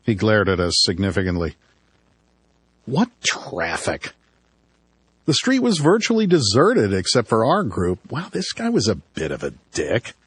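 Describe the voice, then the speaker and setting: Man, audiobook narrator, low voice, dry wry tone, close dry sound. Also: wildly swooping pitch, normal speed, few pauses, breathy edge, dry recording. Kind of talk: first-person audiobook narration.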